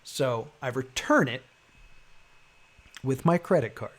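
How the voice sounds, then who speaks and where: A man with a middling voice talks casually to his stream, chuckling as he tells his story. He swings between his plain voice and quick put-on voices for the people in it. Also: mid-range voice. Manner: animated, laughing, acts out the people in his story. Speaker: live streamer.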